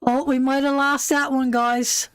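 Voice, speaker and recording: A woman's voice: high-pitched, little pitch movement, a little slow, clear, resonant tone, no room sound. A woman hosting a live tarot stream, chatting casually and rambling, calling viewers darling and sweetheart. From Canada.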